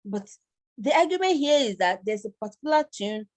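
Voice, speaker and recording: A woman's voice: a little high, big pitch swings, fairly quick. A middle-aged woman with a Nigerian accent, giving a live online university lecture in a rambling way, repeating words and chuckling.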